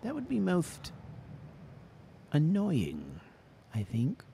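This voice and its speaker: In full character voice, a man plays a fussy, bookish male adventurer during gameplay, speaking in prim, formal phrases and grumbling asides with exasperation. His fairly high voice is gravelly yet mellow, swinging hugely in pitch with drawn-out words, over slight background noise.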